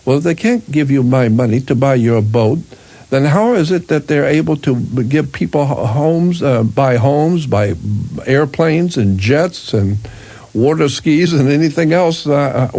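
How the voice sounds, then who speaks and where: A man's voice: a little high, mellow. An older man hosting a radio talk show, explaining his views emphatically, repeating himself and restarting sentences often. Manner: emphatic, repetitive, with frequent restarts.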